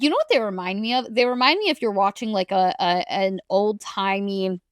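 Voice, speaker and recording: Sarcastic woman podcaster, higher voice. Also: fairly quick, hardly any pauses, dry recording, studio quality. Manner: sarcastic, animated retelling with mocking voices. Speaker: podcast co-host. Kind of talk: casual book-roast chat.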